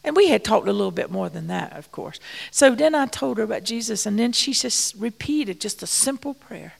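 Gravelly woman preaching in a hall. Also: a little high, expressive, normal speed. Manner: folksy, conversational, drops to near-whispers. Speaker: church missions speaker. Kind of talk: storytelling sermon.

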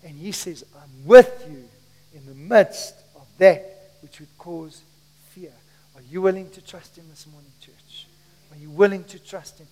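A man's voice: high-pitched, moderate pace, a little mellow. A male pastor preaching a sermon with emphatic delivery, calling on the congregation to repeat lines after him. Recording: long reverb of a church hall.

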